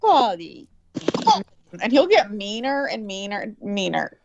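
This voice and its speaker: A woman's voice: mid-range voice, expressive, moderate pace, creaky, highs cut off, background noise. A woman calling in to a casual chat, talking bluntly and telling stories in a chatty way. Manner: blunt, chatty, tells stories with imitated voices. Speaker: caller.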